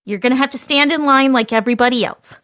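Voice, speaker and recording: A woman's voice: high voice, fast, fairly bright tone, no echo, studio quality. A woman voicing a brusque front-counter worker at a pretzel stand, in a put-on New York-Jersey accent. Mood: scolding. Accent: New York-Jersey style put-on. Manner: pushy, scolding.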